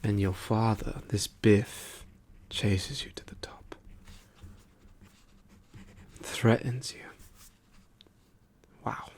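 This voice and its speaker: A wry male trickster god, now a weary file clerk, murmurs in whispered role-play, as a man plays him. The voice sits fairly low and unhurried, drawn out with long pauses, soft and musing. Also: fairly even intonation, slightly rough, exaggerated voice. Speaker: ASMR performer.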